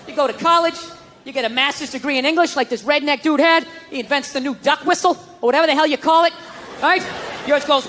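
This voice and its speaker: A man doing a stand-up comedy set, profane and animated, slipping into mocking voices. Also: very high-pitched, moderate pace, a little hiss or hum. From United States. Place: large hall before a live audience. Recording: live stage recording in a reverberant hall with crowd.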